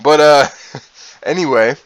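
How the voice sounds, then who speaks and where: A man's voice: on the high side, slow, no echo, poor audio. A man in his twenties, a streamer, telling crude stories casually and with lots of swearing, often laughing at himself. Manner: animated, profane, laughing at his own tale. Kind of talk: casual storytelling.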